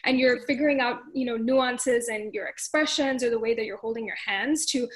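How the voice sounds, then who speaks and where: A woman with a somewhat high voice, talking through a dance piece on a panel. She explains things step by step, thoughtful and loose, with plenty of fillers as she goes. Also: fairly quick, fairly bright tone, rough recording. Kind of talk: casual panel discussion.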